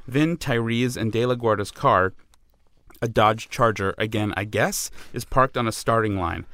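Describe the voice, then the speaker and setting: A man reading the action lines of his own comedy script, with wry deadpan asides. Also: lowish voice, moderate pace, dry recording. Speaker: script writer and narrator.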